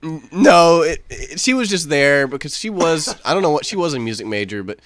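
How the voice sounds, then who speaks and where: A young man co-hosting a casual podcast, telling rambling, swearing anecdotes in an animated way. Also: a little high, brisk, no echo. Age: young adult. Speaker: podcast co-host. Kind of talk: casual storytelling chat.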